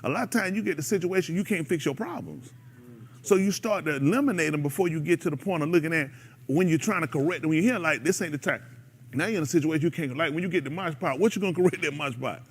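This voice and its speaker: A man's voice: a little high, fast talker, slightly rough. A man, hosting a radio show and preaching casually to a group in an exhorting way. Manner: animated, exhorting, breaks into laughter and mimicry.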